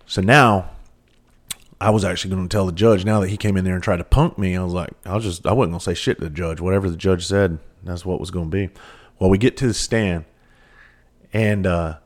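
Deep-voiced ex-cop guy spinning a story, swears a lot, laid-back. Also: steady tone, a little fast. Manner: profane, laid-back storyteller with bursts of laughter. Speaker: former police officer and firefighter. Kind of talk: casual storytelling.

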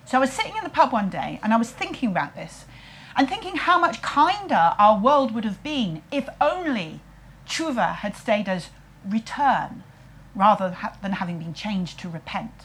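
A woman with a husky voice, telling a comic story in a wry, self-mocking way and putting on playful voices for quotes. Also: medium pitch, sing-song, normal speed, fairly bright tone, a little hiss or hum.

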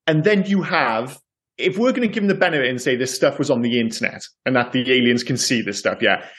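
Rambling man, slightly high voice. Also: a bit bright. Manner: rambling, self-correcting, stumbles over words. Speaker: podcast co-host. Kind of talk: casual film discussion.

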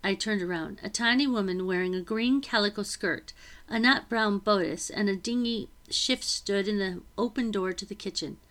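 A woman narrating a novel aloud in the first person, with steady, even reading. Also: medium pitch, moderate pace.

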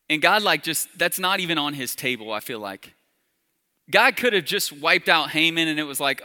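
A man preaching a sermon in a casual, conversational way, with soft, intimate appeals to the congregation. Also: fairly high pitch, brisk, in a large hall. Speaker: pastor.

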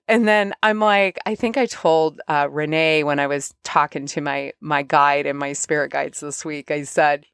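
A middle-aged woman coach talking casually about spiritual self-help, chatty and animated when she acts out her inner dialogue. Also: low voice, moderate pace, few pauses, clean tone, no echo, clean studio sound. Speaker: podcast host and coach.

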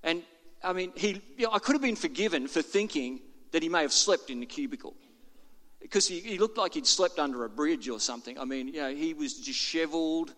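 A man's voice: a little high, expressive, brisk, fairly bright tone, in a large hall. An older man preaching a sermon to his congregation in a chatty, self-deprecating way. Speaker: pastor. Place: church auditorium.

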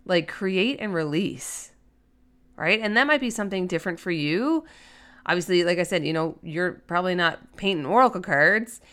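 A woman's voice: on the low side, expressive, normal speed, a bit bright. A woman hosting a solo podcast in a chatty, earnest way, with many fillers. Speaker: podcast host. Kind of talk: casual solo podcast talk.

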